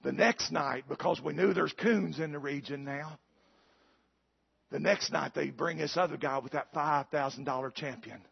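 A male preacher with a gravelly voice, telling a folksy story in a sermon that builds to shouted preaching, in a church. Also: fairly high pitch, moderate pace, lo-fi sound.

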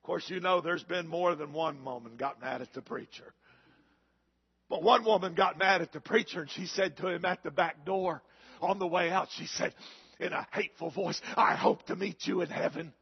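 A middle-aged male pastor, preaching a fiery sermon that rises to shouts. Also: a little high, moderate pace, slightly rough, dull audio. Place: church.

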